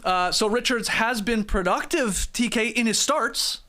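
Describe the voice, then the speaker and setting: A man's voice: very high voice, unhurried, pushed and bright. A man hosting a sports podcast with an upbeat, playful, teasing manner. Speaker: podcast host.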